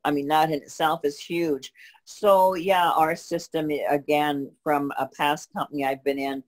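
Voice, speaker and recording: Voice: medium pitch, level tone, measured pace. Speaker explaining with hesitant restarts. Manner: explaining steadily, with frequent false starts and fillers. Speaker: co-host answering distributor questions. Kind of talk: casual conversational Q&A.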